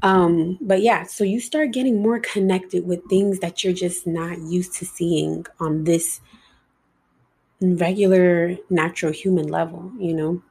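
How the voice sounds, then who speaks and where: Gravelly-voiced young woman, rambling casually. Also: lowish voice, steady tone, a little slow, a little mellow. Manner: rambling, heavy "like" and "um" fillers, casual swearing. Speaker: podcast host. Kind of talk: casual spiritual podcast monologue.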